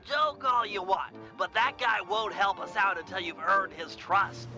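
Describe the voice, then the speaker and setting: A man's voice: high voice, animated, measured pace. A man voicing a nerdy, cautious male turtle sidekick in a video game, fussy and instructive. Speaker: game character. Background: game music.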